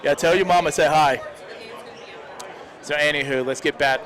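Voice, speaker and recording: A man's voice: a little high, steady tone, normal speed, a bit bright, a faint crowd. A young man giving casual live commentary on a stream, rambling and heartfelt, often adding "man" to his sentences.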